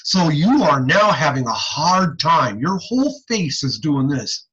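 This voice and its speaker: Man, online lecturer, folksy, lively pitch, husky, somewhat high voice, muffled recording. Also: a little slow. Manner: animated, folksy teaching with frequent "okay?" checks. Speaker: audiology lecturer.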